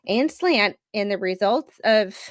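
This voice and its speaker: A woman hosting a commentary stream, reading court documents aloud in a halting, rambling way, with many fillers and restarts. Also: mid-range voice, expressive, no echo. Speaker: commentary host.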